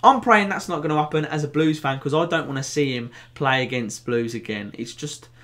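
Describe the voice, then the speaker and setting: Young brummie guy chatting footy to camera, bit high voiced, jokey and excitable. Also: fairly quick. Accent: Birmingham. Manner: animated and jokey, bursts of excitement. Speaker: football vlog host. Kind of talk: casual to-camera football chat.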